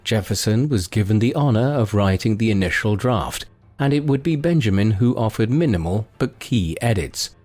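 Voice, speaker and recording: A man reading a scripted history narration in a steady storytelling manner. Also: fairly low pitch, normal speed. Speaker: documentary narrator. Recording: faint music bed.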